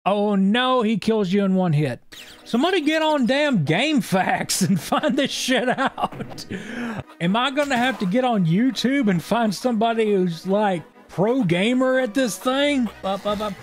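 A young man giving let's-play commentary with a sarcastic, profane wit. His voice sits fairly high and swings lively between deadpan lows and excited peaks. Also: measured pace, faint music behind. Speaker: game streamer.

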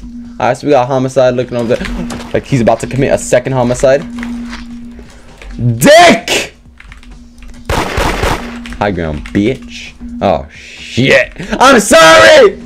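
A young man narrating his online gameplay, loud and erratic, often shouting and laughing. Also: mid-range voice. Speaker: gaming YouTuber. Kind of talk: excitable gameplay commentary with voice chat.

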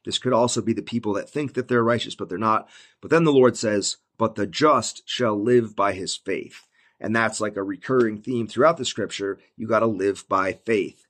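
A man talking through a book of the Bible in a casual, laid-back way, full of "like" and "basically". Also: on the low side. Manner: slows down when reading old scripture aloud. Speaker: Bible commentator. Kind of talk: casual Bible study talk.

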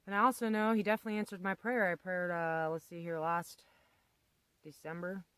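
A woman's voice: lowish voice, level tone, a little fast, a bit bright, smooth, no echo, poor audio. Blunt rambling woman vlogger, dry sound. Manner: blunt, rambling, emphatic, swears casually. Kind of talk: casual unscripted rant to camera.

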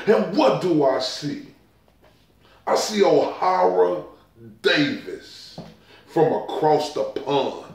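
A man's voice: medium pitch, darkish tone, recorded from a distance. Profane ranting man in an echoey room. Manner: profane, heated, mocking rant with drawn-out emphasis. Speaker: boxing talk show host. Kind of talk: ranting commentary.

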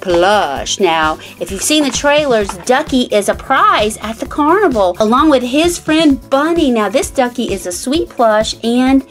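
A woman hosting a toy unboxing channel, talking excitedly to children, gasping and calling the viewers guys. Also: on the high side, unhurried, hardly any pauses, faint music behind.

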